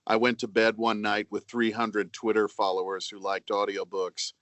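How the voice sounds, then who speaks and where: A middle-aged man being interviewed as a guest voice actor, speaking in a measured, earnest way with many fillers and restarts. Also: on the low side, flat delivery, a bit bright, no room sound. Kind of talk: casual interview.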